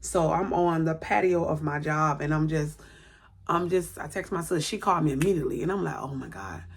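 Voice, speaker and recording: A woman with a low, gravelly voice talks straight to her viewers in a loose, rambling way. She keeps stopping to correct herself as she tells a personal story. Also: fairly even intonation, fairly quick. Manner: chatty, rambling, self-correcting. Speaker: vlogger. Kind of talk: casual storytelling to camera.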